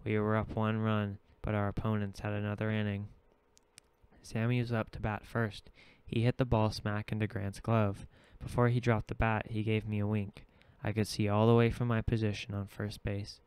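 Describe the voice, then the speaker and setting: A man reading a novel aloud in steady, measured audiobook narration. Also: lowish voice, smooth, no room sound. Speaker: audiobook reader.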